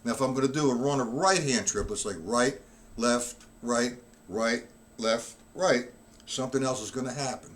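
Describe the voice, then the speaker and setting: A man's voice: medium pitch, normal speed, slight background noise. Man teaching drums, counting aloud. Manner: talks while demonstrating, counting beats aloud. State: not feeling well, coughing. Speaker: drum teacher. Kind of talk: live-streamed drum lesson.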